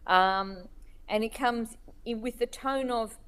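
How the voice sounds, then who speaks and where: A woman being interviewed as a cartoonist, speaking in a thoughtful, halting way as she searches for words. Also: on the high side, a bit bright, a little hiss or hum. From Australia. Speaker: cartoonist guest. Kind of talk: reflective interview talk.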